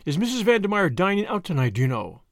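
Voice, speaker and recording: A man's voice: sits high, big pitch swings, dry recording, pitched above the performer's own voice. A man reading a dry, shrewd older lawyer. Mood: authoritative. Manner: deliberate, dry, authoritative. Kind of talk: audiobook character voice.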